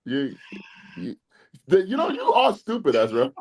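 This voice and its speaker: A man's voice: high voice, huge pitch swings, measured pace. A man hosting a boxing podcast in casual chat, blunt and exasperated, swearing at his co-host.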